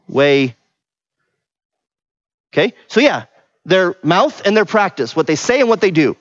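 A man's voice: on the high side, no room sound. A middle-aged man preaching a conversational sermon, often stopping to ask questions and add "right?". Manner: conversational, asks the room questions, frequent "right?". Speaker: pastor. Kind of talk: interactive sermon teaching. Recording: dull, lo-fi sound.

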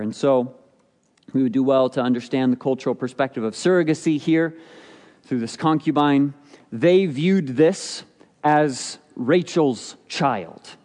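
A man's voice: mid-range voice, unhurried, darkish tone. Man preaching in a reverberant hall. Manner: expository preaching, rhetorical questions, acts out quotes. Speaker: pastor. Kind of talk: sermon.

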